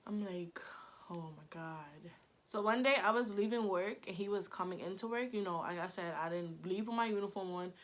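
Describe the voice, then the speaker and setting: A young woman tells a story straight to camera. She talks in a chatty, animated way and leans on "like" constantly, with a voice of middling pitch. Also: moderate pace. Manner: chatty, animated, heavy use of "like". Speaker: vlogger. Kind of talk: storytime vlog.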